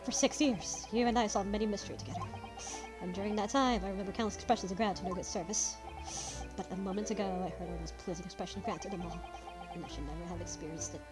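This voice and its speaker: A woman's voice: medium pitch, racing, loud music behind the voice, close to an everyday voice. A woman voicing an eccentric, grand male detective in a story game, speaking formally. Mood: grateful. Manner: formal, stately.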